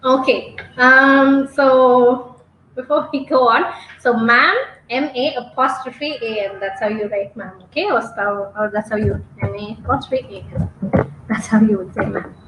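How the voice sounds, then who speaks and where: Woman tutor on a webinar mic, high voice, encouraging check-ins, roomy echo, light hiss. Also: measured pace, fairly bright tone. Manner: coaching, checks in with frequent "okay?". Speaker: exam prep trainer. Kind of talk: online webinar teaching.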